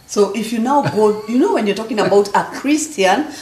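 A woman's voice: medium pitch, lively intonation, a little fast, a little mellow. A woman co-hosting a church teaching talk, emphatic, speaking in a preaching conversational style. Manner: emphatic, acts out quoted speech, laughs easily. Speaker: co-host of a church teaching show. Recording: roomy echo.

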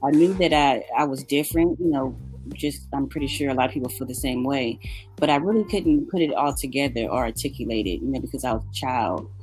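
A woman talking in a relaxed, reflective way in a casual chat, pausing with fillers as she thinks. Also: very deep voice, soft background music, low-quality recording. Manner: thoughtful, halting with fillers.

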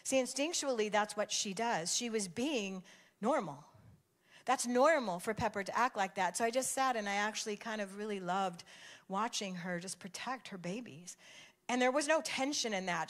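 A woman's voice: medium pitch, expressive, normal speed. An older woman giving a conversational sermon, telling a family story with emphatic repetition. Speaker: speaker sharing a devotional message.

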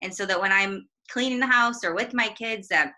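A woman with a bright, clear voice chats about her faith and family. She talks in a relaxed, self-deprecating way and laughs often. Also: mid-range voice, moderate pace. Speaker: guest, minister's wife and mother. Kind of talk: casual faith conversation.

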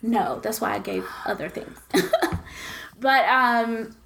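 A woman's voice: a little high, slow pace, creaky, a bit bright, a little hiss or hum. A young woman co-hosting a podcast, telling stories animatedly in casual gossip chat and swearing freely. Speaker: podcast co-host.

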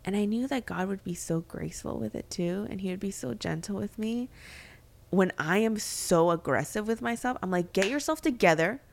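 A woman's voice: medium pitch, moderate pace, creaky, a little mellow, slight background noise. A young woman co-hosting a faith podcast, talking candidly and reflectively, with frequent fillers and restarts. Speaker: podcast co-host.

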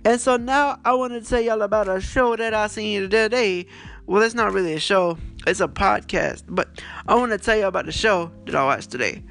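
A podcast host with a gravelly, fry-laden, high-sitting voice casually recaps the books and shows he has been reading and watching. He rambles animatedly at a moderate pace, full of swearing and fillers. He records on a phone with faint music in the background.

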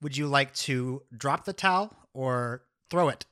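A man running a tabletop game as game master, narrating with chuckles and halting restarts. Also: medium pitch, a bit bright, smooth.

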